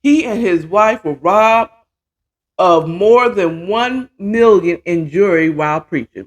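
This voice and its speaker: A woman's voice: on the low side, measured pace. A woman hosting a casual commentary chat from home, opinionated and rambling, with restarts and asides. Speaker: host. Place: home, at a computer.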